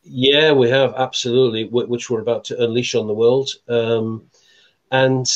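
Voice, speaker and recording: Older guest musician, halting delivery with lots of ums. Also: male voice, mid-range voice, steady tone, muffled recording. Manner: hesitant, many fillers and restarts. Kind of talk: casual chat.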